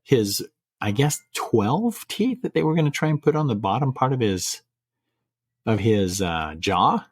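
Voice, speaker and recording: A man's voice: medium pitch, sing-song, husky, dry recording. A middle-aged man on a podcast, telling a personal story in a casual, earnest way and often restarting his sentences. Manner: earnest, halting, with frequent restarts.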